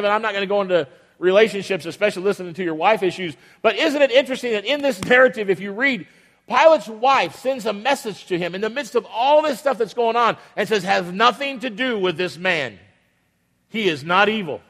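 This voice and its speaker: A man's voice: sits high, fast, fairly bright tone. A man preaching a sermon as a pastor, asking the congregation rhetorical questions and acting out the voices he quotes. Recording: long reverb of a large hall.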